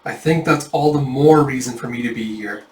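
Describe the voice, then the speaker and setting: A man's voice: medium pitch, normal speed, close to an everyday voice. A man voicing an earnest, determined young princess in a raised voice, heard from a distance in an echoey room.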